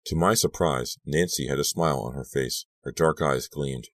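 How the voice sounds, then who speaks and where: An audiobook narrator with a very deep voice reads a scripted story. His delivery is steady and measured, with no room sound at all.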